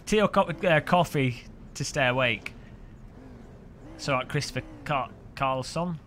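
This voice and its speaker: While sim racing on a live stream, this man jokes around with his audience and laughs a lot, keeping the commentary casual. He speaks at medium pitch, slowly and with long pauses, in a fairly bright tone. A little hiss or hum can be heard.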